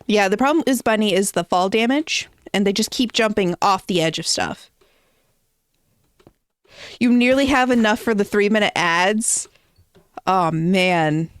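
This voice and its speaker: A woman's voice: mid-range voice, lively intonation, measured pace, pauses often, clear, resonant tone, no room sound. A woman streamer chatting casually while playing, thinking aloud with hesitant ums. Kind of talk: casual gameplay stream chat.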